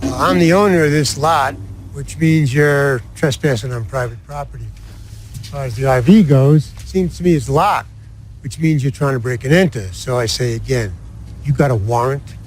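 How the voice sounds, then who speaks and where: An actor plays a stubborn middle-aged lot owner in a TV drama, unbothered and dry as he lays out the law point by point. His voice sits at an ordinary middle pitch, with a faint hum of background noise. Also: normal speed, lightly acted. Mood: dry defiance. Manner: calm, dry, lawyerly arguing.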